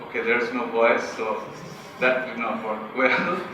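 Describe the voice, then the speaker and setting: A man's voice: mid-range voice, level tone, unhurried, background noise. A young man from Bangladesh with a Bangladeshi English accent gives an earnest, self-deprecating motivational talk as a student speaker and asks the audience questions. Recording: echoey hall from far off.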